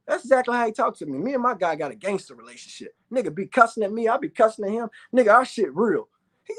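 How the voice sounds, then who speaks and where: Loud profane man ranting. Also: very high-pitched, sing-song, fast talker. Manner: loud, profane, bursts of shouting. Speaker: vlogger.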